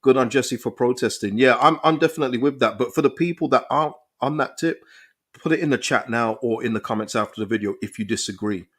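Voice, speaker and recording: A young man hosting a casual football live stream, reading viewers' comments and reacting with animated, restart-filled talk. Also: medium pitch, fast talker. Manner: animated, thinks aloud with frequent restarts and repeated words. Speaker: football channel host reading live chat.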